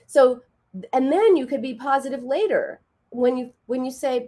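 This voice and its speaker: A woman's voice: high-pitched, big pitch swings, moderate pace, warm tone, slightly rough. A middle-aged woman hosting a radio advice show, explaining patiently and acting out quoted dialogue. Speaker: radio show host and therapist.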